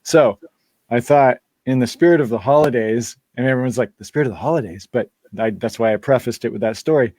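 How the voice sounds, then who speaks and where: A man's voice: medium pitch, a little fast, darkish tone. A man hosting a live-stream Q&A in casual chat, rambling through asides and laughing often. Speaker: band member hosting a live Q&A.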